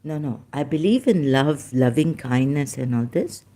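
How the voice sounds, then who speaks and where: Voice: medium pitch, lively intonation, moderate pace, warm tone. Agitated, rambling vlogger. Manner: agitated, rambling, with apologetic asides. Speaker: YouTube channel host. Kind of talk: ranting monologue to commenters.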